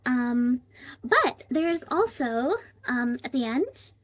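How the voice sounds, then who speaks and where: Woman, live-stream chat, thinking aloud, slightly high voice. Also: sing-song, slow. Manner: thinks aloud while translating, many fillers, emotional. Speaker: livestream translator.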